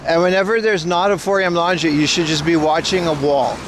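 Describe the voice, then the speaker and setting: A man with a slightly high voice and fairly even intonation talks briskly to his livestream audience while checking out plants outdoors. He rambles and jokes playfully in casual chat, with a slight hiss or hum on the recording.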